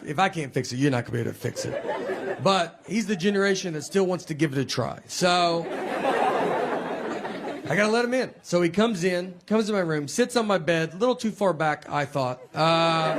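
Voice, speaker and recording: Deadpan man doing stand-up before a laughing crowd. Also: high voice. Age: 40s. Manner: deadpan, drawling storytelling. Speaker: stand-up comedian. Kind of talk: stand-up comedy. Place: live stage with audience laughing. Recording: live show with crowd laughter and noise.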